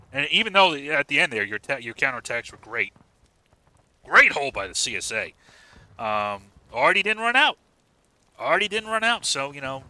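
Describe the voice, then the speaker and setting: A man casting a large online battle match live, excitable and profane, urging players on and praising plays. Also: medium pitch. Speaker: match caster. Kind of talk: live game commentary.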